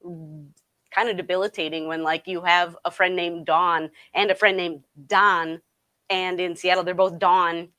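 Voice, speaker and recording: A woman's voice: on the low side, level tone, unhurried, bright, forceful tone. A woman from Wisconsin, a guest on a casual podcast, chatty and upbeat with hesitant fillers. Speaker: podcast guest, improv comedian and painter. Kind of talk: casual interview chat.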